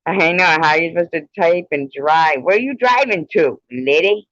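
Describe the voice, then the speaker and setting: A man's voice: on the high side, lively intonation, normal speed, a bit bright, no room sound. A man hosting a casual trivia livestream from home, keeping score and teasing the players in a chatty way. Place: at home with a cat. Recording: dull, dry lo-fi stream audio.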